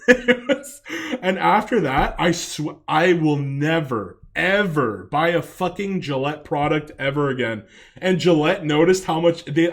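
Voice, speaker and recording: A man in his late twenties ranting in a reaction commentary, swearing a lot, rambling and laughing often. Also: on the high side.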